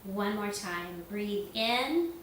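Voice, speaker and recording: A woman leading a yoga lesson for children, giving slow, gentle, sing-song instructions. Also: mid-range voice, lively intonation, a little hiss or hum. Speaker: kids yoga teacher. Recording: echoey room, voice from far off.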